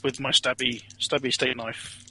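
Wry male player, bright voice. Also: mid-range voice, level tone, moderate pace, a little hiss or hum. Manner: wry, joking. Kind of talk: casual tabletop play.

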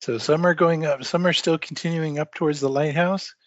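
Calm male game master on a dull call. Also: on the high side, fairly quick, dry recording. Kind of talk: narrating a tabletop game over a call. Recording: dull online call audio.

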